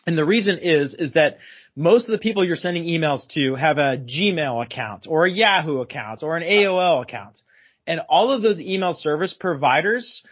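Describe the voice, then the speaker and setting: A man as a guest expert on a podcast interview, explaining at length and emphatically repeating his key phrases. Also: fairly high pitch. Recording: dull lo-fi sound.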